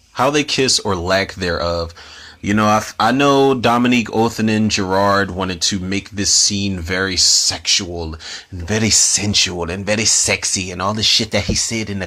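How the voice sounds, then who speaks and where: A young man talks over a movie as commentary host, rambling through slang and freely dropped curses. His voice sits on the lower side but carries a forceful, bright edge. The talk is loose and chatty, full of asides.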